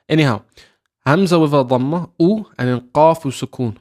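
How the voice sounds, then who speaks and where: A man's voice: mid-range voice, fast, darkish tone. A man with a British accent teaching Arabic pronunciation. He drills each syllable over and over and keeps checking in with "right?". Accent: British English. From Britain. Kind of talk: slow, patient pronunciation lesson.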